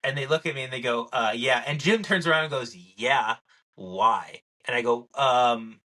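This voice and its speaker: Young guy cohosting a chill podcast, bright voice, acts out every quote. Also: mid-range voice, normal speed. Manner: animated storyteller, acts out quotes. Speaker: podcast co-host. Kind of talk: casual chat.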